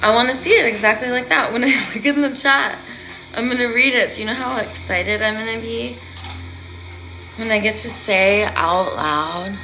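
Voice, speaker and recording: Bright, theatrical woman streamer. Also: on the high side, moderate pace, faint music behind, rough recording. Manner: rambling, playful, dramatic, swings between loud and hushed. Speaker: self-styled healer and live streamer. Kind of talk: theatrical live-stream monologue.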